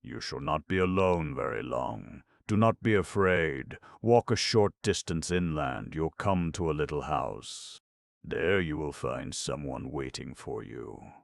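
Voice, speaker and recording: A grave, commanding sea creature from a storybook, kindly but firm, as a man reads him. The voice is very deep and gravelly. It sits close and dry. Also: lively intonation, a little slow, no echo, exaggerated voice. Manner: grave, authoritative. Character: commanding kindly old male dolphin.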